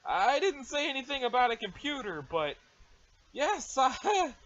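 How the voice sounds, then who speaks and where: A man's voice: extremely high pitch, very animated, a little slow, a bit bright, pitched above the performer's own voice, heavily acted. A man voicing a sardonic, long-winded teenage girl with a condescending manner, on a dull lo-fi mic.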